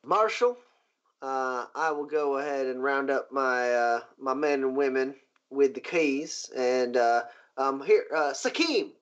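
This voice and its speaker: A man's voice: mid-range voice, animated, takes it slowly, a bit bright, lo-fi sound. A man voicing a genial, polite male boat owner with a courteous folksy drawl in a tabletop game. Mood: helpful.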